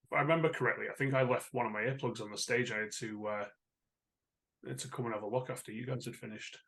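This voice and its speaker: A middle-aged man hosts a casual podcast chat, friendly and quick to laugh. His voice is gravelly with vocal fry at a middling pitch. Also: steady tone, fairly bright tone. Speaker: podcast host.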